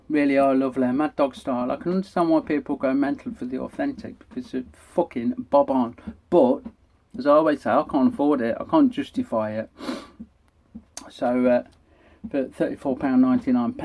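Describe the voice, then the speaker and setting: A middle-aged British man hosts a casual review vlog. He talks in a chatty, enthusiastic way and swears freely as he goes. His voice sits at an ordinary middle pitch. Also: normal speed, darkish tone. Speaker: vape reviewer.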